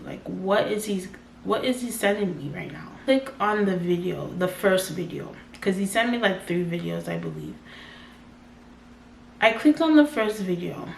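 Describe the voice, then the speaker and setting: A woman in her twenties from Canada talks through a personal story to camera in a relaxed, unhurried way, quoting her own past self. Her voice sits at an ordinary middle pitch. The room is echoey, with a faint hum of background noise behind her. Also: vocal fry. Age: 20s. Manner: chatty, heavy use of "like", quotes herself in dialogue. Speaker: vlogger. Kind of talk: casual storytime narration.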